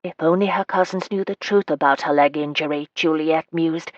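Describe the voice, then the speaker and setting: Low-voiced woman narrating a romance. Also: moderate pace, dry recording, lo-fi sound. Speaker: audiobook narrator. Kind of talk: scripted narration of a romance novel.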